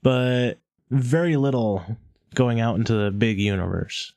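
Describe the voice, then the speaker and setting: A man co-hosting a comic book podcast in casual chat, low-key, with brief remarks. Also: measured pace, creaky, a little mellow, no echo, studio quality. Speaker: podcast co-host.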